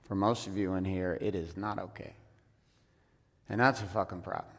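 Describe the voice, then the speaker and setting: A man's voice: low-pitched, steady tone, normal speed. A man speaking to a seminar audience, telling his own story in a blunt, profane way with frequent ums. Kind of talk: personal story told to an audience. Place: large event hall. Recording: echoey hall.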